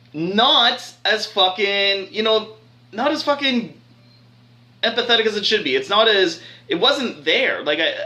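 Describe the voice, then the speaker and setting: Excitable high-voiced man reviewing films. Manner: rambling, swears freely, grows excitable. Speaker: film reviewer. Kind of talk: casual spoiler review. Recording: echoey room.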